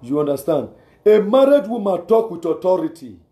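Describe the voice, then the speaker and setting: A man's voice: sits high, sing-song, normal speed, warm tone, echoey room. A man with a Nigerian accent giving repetitive, exhortative advice and often asking listeners whether they understand. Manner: repetitive, exhortative, with rhetorical questions. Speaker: advice speaker. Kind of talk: preachy advice talk.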